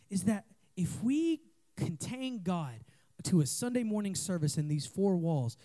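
A man preaches to a youth group, his voice sitting high for a man. He pushes from quiet asides up to near-shouts, calling on the crowd to answer back. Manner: passionate, rising to near-shouts with call-and-response. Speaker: youth pastor. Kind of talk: lively youth sermon. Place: meeting room in a trailer.

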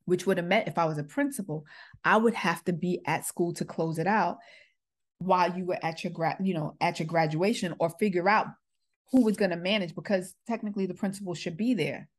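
A woman's voice: fairly low pitch, fairly quick. A middle-aged woman, a former school principal, earnestly telling a personal story and acting out the quoted exchanges. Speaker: podcast host, former principal.

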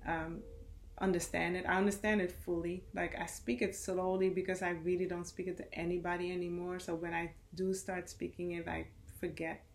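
A middle-aged woman with a lowish, gravelly voice, a guest on a conversational podcast. She rambles warmly through memories, often circling back and restarting her sentences. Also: moderate pace. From Suriname and the Netherlands. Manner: rambling, animated storytelling with laughter. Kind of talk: casual conversation.

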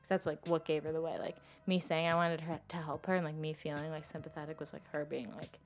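A woman's voice: sits low, flat delivery, fast talker, faint music behind. Young woman, chatty with "like" fillers. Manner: fills nearly every phrase with 'like', swings between loud and hushed. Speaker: interviewee telling her own story. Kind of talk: casual storytelling.

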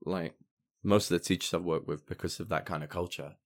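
Deep, gravelly man chatting casually. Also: steady tone, fairly quick. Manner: laid-back, rambling, sprinkled with fillers. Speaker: podcast co-host. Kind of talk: casual chat.

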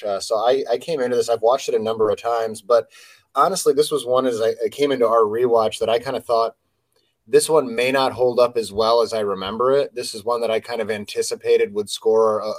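A man co-hosting a podcast, speaking in a measured way with frequent restarts and fillers. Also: mid-range voice, a little mellow, rough recording. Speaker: podcast co-host. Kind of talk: casual podcast chat.

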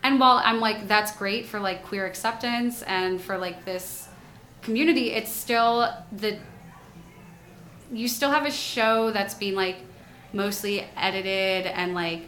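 Bright voiced woman chatting casually, lots of likes, echoey room w faint noise. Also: mid-range voice, a little slow. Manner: chatty, lots of fillers and laughs. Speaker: drag performer and guest. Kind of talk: casual conversation.

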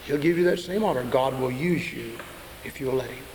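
A man preaching a sermon to an audience, emphatic and slowing down to stress key points. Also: medium pitch, a little mellow. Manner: emphatic, slows down for stress, breaks into acted quotes. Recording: echoey hall with faint hiss.

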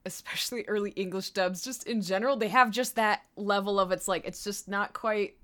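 A woman's voice: mid-range voice, steady tone, brisk, fairly bright tone. A woman co-hosting a podcast in casual chat, joking and fumbling for words. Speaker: podcast co-host.

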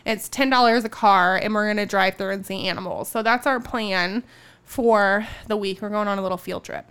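A young woman telling a story in casual chat, animated and laughing often, with many fillers. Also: mid-range voice, moderate pace, smooth.

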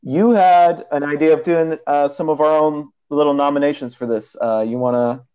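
Speaking at a moderate pace, this young man co-hosts a podcast in a smooth, mellow, fairly high voice with a steady tone. He rambles through casual chat with frequent laughs, recorded in dull lo-fi sound.

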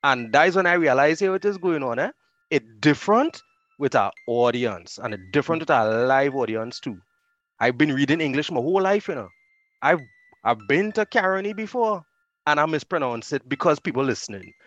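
A man with a Trinidadian accent, a radio host chatting as a podcast guest, telling animated stories. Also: a little high, brisk, dry recording, lo-fi sound. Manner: animated storyteller, laughs easily. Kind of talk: casual chat.

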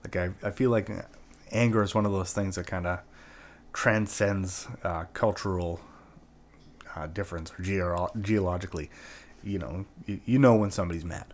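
A man's voice: sits low, fairly even intonation, moderate pace, darkish tone. A man from Canada telling a personal anecdote in a casual, profane, rambling way, full of "like" and "right?". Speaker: storyteller.

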